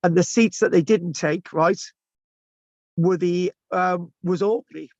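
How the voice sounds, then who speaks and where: This online lecturer's voice sits high with a darkish tone, and he talks slowly in a chatty way, restarting often and leaning on tag questions. It's a dull, lo-fi, dry recording.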